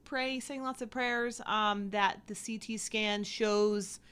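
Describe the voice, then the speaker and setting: A woman's voice: medium pitch, steady tone, takes it slowly, fairly bright tone, smooth. A woman co-hosting a casual live-stream chat, talking with many fillers and little laughs. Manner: chatty, giggly, many fillers. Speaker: co-host.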